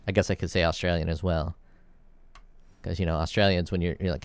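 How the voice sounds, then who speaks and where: A man with a low, smooth voice talks his way through a video game in a loose, rambling way. He thinks aloud, drifts into jokes and swears now and then. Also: level tone, a little fast, dry recording. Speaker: gameplay video creator. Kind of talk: casual gameplay commentary.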